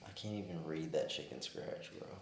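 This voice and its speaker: A male podcast guest in casual chat, dry and teasing, flatly turning down requests. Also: very deep voice, a little fast. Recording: echoey room, faint background noise.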